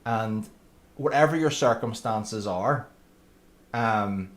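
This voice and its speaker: Speaking slowly in a lowish voice, this livestreamer narrates his racing game as he plays it live. He keeps up friendly, chatty banter and greets his viewers by name.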